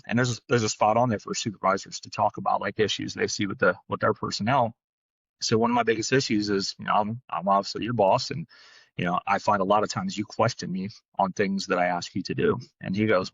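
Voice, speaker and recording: A man's voice: lowish voice, steady tone, vocal fry, a bit bright, breathy edge, no echo, dull audio. A man co-hosting a podcast, telling a work story in a blunt, casual way, often tagging lines with "right?" and swearing now and then. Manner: fast, blunt, peppered with "right?". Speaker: podcast co-host, dog trainer.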